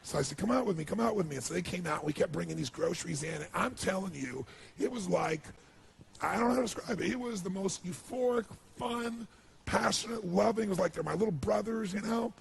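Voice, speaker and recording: A man's voice: sits high, fairly quick, gravelly, a little hiss or hum. A man giving an earnest, emotional storytelling speech as a motivational speaker, with lots of "you know.".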